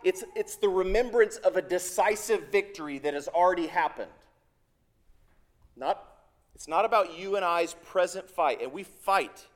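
A man's voice: high-pitched, lively intonation, moderate pace. A man preaching a sermon as pastor, earnest and emphatic, repeating key phrases for weight.

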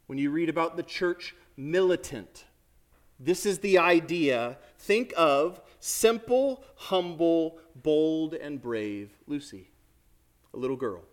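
Conversational priest preaching a sermon. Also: male voice, a little high. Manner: lively, conversational preaching with asides to the congregation.

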